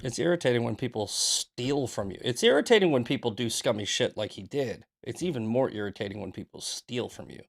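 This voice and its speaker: American guy ranting, heated and swearing, keeps repeating himself, middle pitch. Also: animated, a little fast, vocal fry, hardly any pauses. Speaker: host. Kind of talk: angry ranting commentary.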